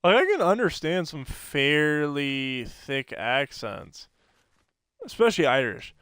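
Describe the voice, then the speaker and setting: A man with a smooth, clear voice pitched a little high, chatting loosely on a podcast. He rambles through his stories, stacking fillers and breaking into laughs. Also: sing-song, slow pace, a bit bright, no echo. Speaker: podcast co-host. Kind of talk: casual podcast chat.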